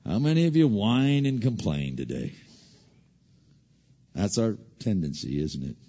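Gravelly preacher in a reverberant hall. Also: male voice, low-pitched, normal speed, highs cut off. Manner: animated, swinging from loud to hushed; repeats and restarts words. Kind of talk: sermon.

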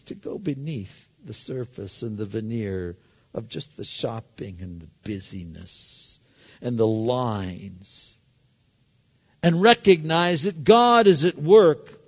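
A middle-aged man preaching a sermon as a pastor, telling stories with sudden loud and quiet turns. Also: mid-range voice, very animated, takes it slowly, breathy edge. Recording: long hall reverb, dull lo-fi sound.

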